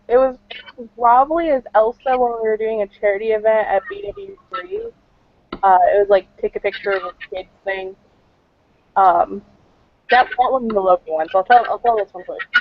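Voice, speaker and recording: A woman's voice: a little high, dry recording. A chatty woman cosplayer talks through her answers, rambling a little and leaning on fillers. The sound is muffled and lo-fi, dry, with no room around it. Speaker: cosplayer guest. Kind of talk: casual interview answers. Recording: dull lo-fi dry recording.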